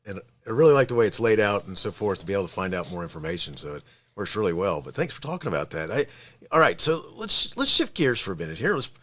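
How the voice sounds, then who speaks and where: Male podcast host; low, lively intonation, friendly interviewer. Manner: friendly, laughs often, quick affirmations. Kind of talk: casual interview hosting.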